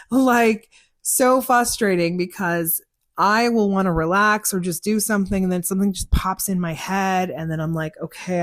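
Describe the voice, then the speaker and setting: A woman's voice: mid-range voice, dry recording, clean studio sound. A young woman hosting a show, chatting candidly about her psychic work, laughing often and acting out conversations. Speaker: psychic podcast host. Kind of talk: casual chat answering listener questions. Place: car.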